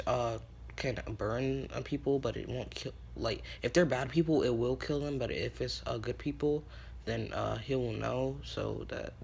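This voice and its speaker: A man's voice: medium pitch, vocal fry, slight background noise. A man telling an improvised fan story casually, rambling with many ums and correcting himself as he goes.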